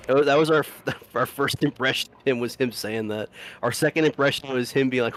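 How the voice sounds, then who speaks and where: A man's voice: medium pitch, fairly quick, fairly bright tone, slight background noise. A man chatting casually while playing a game, rambling through stories with swearing and laughter. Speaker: gameplay commentator. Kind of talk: casual gameplay chat.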